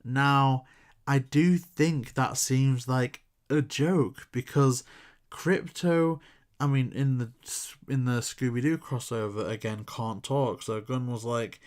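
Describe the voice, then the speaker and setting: A man's voice: medium pitch, unhurried, darkish tone. A man hosting a channel, talking through a news story in casual commentary, thinking aloud with hedges and restarts. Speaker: YouTube commentary host.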